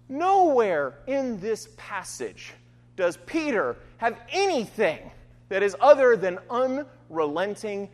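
Male pastor, casual sermon delivery, high, bouncy pitch, reverberant sanctuary. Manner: conversational, self-deprecating, keeps asking "right?". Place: church sanctuary.

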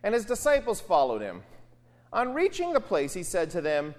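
A woman's voice: on the low side, huge pitch swings, moderate pace, a little mellow. A woman preaching a sermon on a gospel passage, speaking expressively with rhetorical questions and emphatic asides.

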